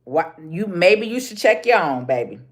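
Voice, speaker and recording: This livestream host is a woman with a Chicago accent whose fairly low voice swings widely in pitch at a moderate pace. She rants casually into her phone, circling her points bluntly and sliding into street slang with ease.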